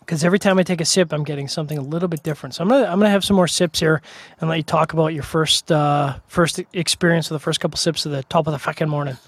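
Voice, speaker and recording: A man co-hosting a casual tasting chat over a video call, playful and quick to laugh. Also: on the high side, steady tone, slightly rough, no room sound. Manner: chatty, playful, laughs easily. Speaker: co-host of a drinks tasting show.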